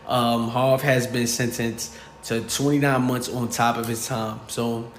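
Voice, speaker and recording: A man's voice: mid-range voice, little pitch movement, measured pace. A man hosting a casual commentary show, explaining in a laid-back way. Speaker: host. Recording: echoey room with faint noise.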